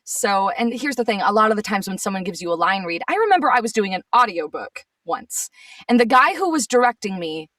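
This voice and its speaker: Woman, voice actress, animated storyteller, dry sound, slightly distant mic. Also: mid-range voice, brisk, dry recording. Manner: animated storyteller, gets sassy and exasperated. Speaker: voice actress guest. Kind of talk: casual chat.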